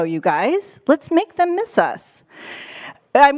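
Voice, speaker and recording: A woman's voice: sits high, huge pitch swings, takes it slowly, a little mellow. A woman on a church's staff giving a casual, playful sermon to a live congregation, chatty and laughing often. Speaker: church staff member preaching.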